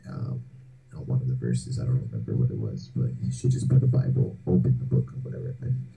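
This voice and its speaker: A man's voice: very deep voice, expressive, fairly quick, gravelly, dark tone, faint music behind, rough recording. A man co-hosting a podcast, telling a story in a loose, slangy, profane way. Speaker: podcast co-host. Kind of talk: casual storytelling.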